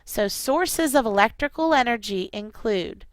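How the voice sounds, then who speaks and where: A woman's voice: on the high side, lively intonation, unhurried, dry recording. A middle-aged woman teacher recording a lesson for children, leading call-and-response chants. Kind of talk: recorded classroom lesson for kids.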